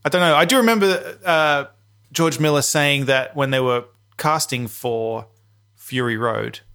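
A man's voice: mid-range voice, unhurried, fairly bright tone, clean tone. A man co-hosting a podcast in casual, joking chat, hesitating often with fillers. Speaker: podcast co-host.

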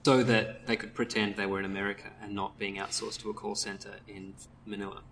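A man's voice: lowish voice, little pitch movement, brisk, a bit bright, a little hiss or hum. A man co-hosting a podcast over an online call, joking and laughing often in casual chat. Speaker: podcast co-host.

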